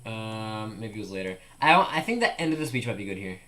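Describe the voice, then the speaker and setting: A man's voice: on the low side, lively intonation, quick pace, fairly bright tone. A young man streaming live, thinking aloud in casual chat with lots of "like" fillers.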